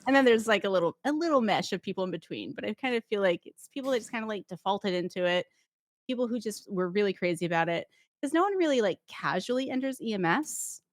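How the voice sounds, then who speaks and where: A woman guest, a former paramedic, talking casually in an interview, telling lively stories with acted-out voices and frequent laughs. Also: medium pitch, fast, no room sound, clean studio sound. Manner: animated storyteller who acts out voices and laughs often.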